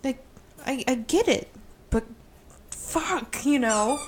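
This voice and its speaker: Woman, high and animated, casual swearing co-host. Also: slow, slight background noise. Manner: swears and laughs often. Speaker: podcast co-host. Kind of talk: casual chat.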